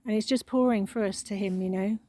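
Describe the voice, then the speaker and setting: A woman giving an emotional spiritual monologue, halting and repeating words, with frequent sighs. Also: mid-range voice, steady tone, dark tone, rough recording. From England. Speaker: spiritual channel.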